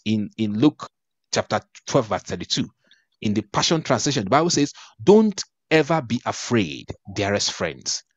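Animated man preaching a sermon. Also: fairly low pitch, moderate pace, no echo. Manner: emphatic preaching with repeated phrases and restarts. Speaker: pastor.

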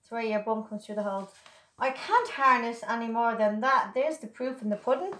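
A woman pitches her own product straight to camera in a breezy, playful chat. Her voice sits slightly high, and the room gives it a noticeable echo. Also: brisk, fairly bright tone. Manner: chatty, playful and upbeat, addressing viewers as girls. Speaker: online seller demonstrating her product. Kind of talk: casual sales demonstration to camera. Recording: echoey room.

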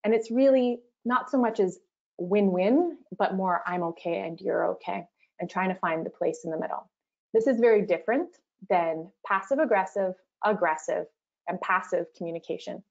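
A woman's voice: medium pitch, moderate pace, lo-fi sound. A woman leading an online workshop on communication, chatty and conversational, acting out sample replies as she teaches. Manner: conversational, acts out example replies. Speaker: workshop facilitator.

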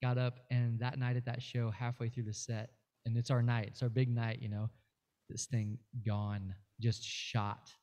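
A man with a warm, mellow voice at an ordinary pitch, chatting as a guest musician. He tells long, winding stories and fills them with fillers and restarts as he goes. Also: flat delivery, a little slow. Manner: rambling storyteller, many fillers and restarts. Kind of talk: casual interview chat.

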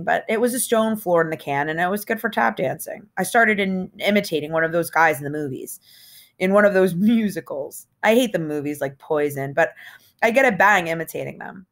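A woman reads a first-person novel aloud with a lowish voice. Her delivery is casual and sardonic, like someone telling a story in conversation. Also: expressive, a little fast. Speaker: audiobook reader.

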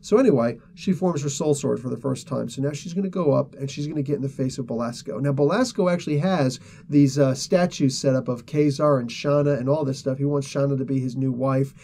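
A man's voice: medium pitch, brisk, creaky, hardly any pauses, dark tone. A man hosting a casual comic book review, retelling a story in a rambling way full of fillers.

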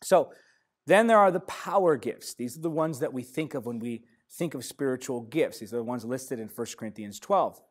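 A young adult man, a pastor, teaching a sermon with lively, emphatic stresses. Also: medium pitch, normal speed. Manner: emphatic, lively preaching with sudden loud stresses.

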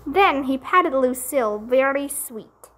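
A woman reading a children's chapter book aloud in a gentle, expressive way. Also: sits high, slow pace. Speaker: storybook reader.

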